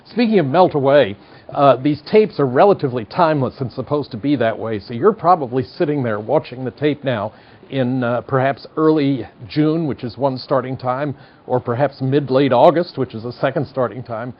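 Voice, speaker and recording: A man's voice: medium pitch, normal speed. Wry older man with a General American accent. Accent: General American, slight Midwestern twang. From United States. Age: 60s. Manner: wry, chatty, digressive. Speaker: psychology professor. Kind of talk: televised university lecture. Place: studio classroom. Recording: dull lo-fi lecture tape.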